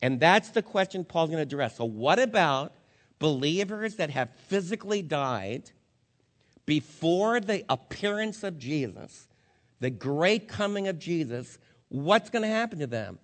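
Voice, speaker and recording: A man's voice: on the high side, big pitch swings, unhurried. A man preaching a funeral sermon as pastor, talking in an earnest, conversational way and speaking straight to the congregation. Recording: long reverb of a hall.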